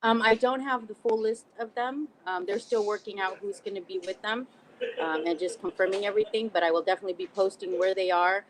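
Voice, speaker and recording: A woman's voice: medium pitch, a little fast, a little hiss or hum, poor audio. A woman chatting casually as a podcast guest, talking about events with frequent "um" fillers. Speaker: podcast guest, cigar brand rep.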